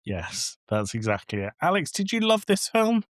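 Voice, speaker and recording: A very animated man with a high-pitched voice rants at normal speed while co-hosting a casual film review podcast. He's exasperated and acts out lines from the movie. The studio-quality audio carries no room sound.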